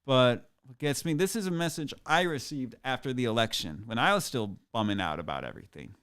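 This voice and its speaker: A man's voice: mid-range voice, animated, brisk, fairly bright tone, clean tone. A man hosting a comedic podcast solo, rambling in a boastful, sarcastic, mock-grandiose way. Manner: self-aggrandizing, sarcastic, rambling. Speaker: podcast host.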